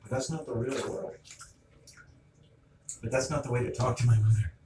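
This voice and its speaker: With a steady, medium-pitched voice at a moderate pace, a middle-aged male vlogger delivers an agitated, ranting monologue. He recounts an argument line by line as quoted back-and-forth; the mic is distant, the room roomy, the background noisy.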